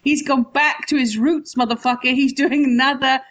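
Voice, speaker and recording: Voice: high-pitched, fairly even intonation, normal speed, a bit bright. A podcast co-host, chatting casually, laughing often and riffing sarcastically. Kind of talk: casual comedic chat.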